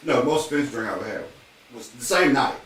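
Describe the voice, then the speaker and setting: A man's voice: mid-range voice, fast. A man co-hosting a casual podcast chat, laid-back, calling everyone "bro" as he tells stories. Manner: laid-back, says "bro" a lot, animated storytelling. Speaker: podcast co-host. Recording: echoey room, mic at a distance, faint noise.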